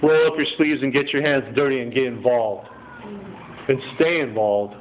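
A man tells his recovery story in a loose, rambling way, peppering it with "man" and "you know". His voice sits at an ordinary pitch. The audio is thin and phone-like, with a faint hiss underneath. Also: normal speed.

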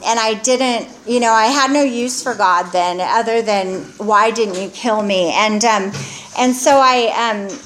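A woman's voice: fairly high pitch, fairly bright tone, slight background noise. Candid middle-aged woman's rambling testimony. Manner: candid, rambling, halting confessional talk. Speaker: recovering alcoholic sharing her story. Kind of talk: personal testimony.

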